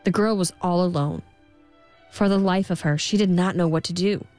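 A woman's voice: normal speed, faint music behind. Woman narrating a fairy tale. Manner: expressive, acts out the girl in a higher voice. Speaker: storyteller.

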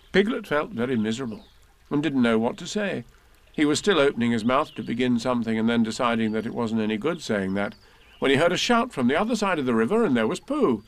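A man reading a children's storybook aloud, gentle and expressive. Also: medium pitch, fast.

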